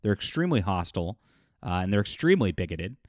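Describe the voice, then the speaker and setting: A man's voice: low voice, very animated, fast, a little mellow, dry recording, studio quality. Scornful male video commentator. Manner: scornful, mocking, laughs often, many fillers. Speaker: YouTube commentator. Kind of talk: casual commentary vlog.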